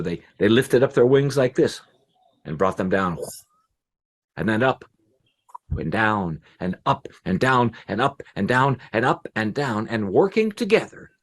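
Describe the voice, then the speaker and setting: Male storyteller, husky, slow and animated in pitch, rhythmic folk tale delivery. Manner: expressive, rhythmic, repeating phrases. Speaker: professional storyteller. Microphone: pre-made recording.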